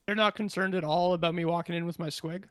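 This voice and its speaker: A woman's voice: lowish voice, fast talker, no echo. A woman playing a tabletop game, talking playfully and chatting about her character. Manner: playful, giggly, lively. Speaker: player. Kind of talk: tabletop role-play chat.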